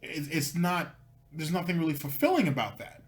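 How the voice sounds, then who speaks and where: A man's voice: on the high side, sing-song, moderate pace. A man hosting a reaction commentary, sarcastic and needling, rambling as he mocks. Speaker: commentary host.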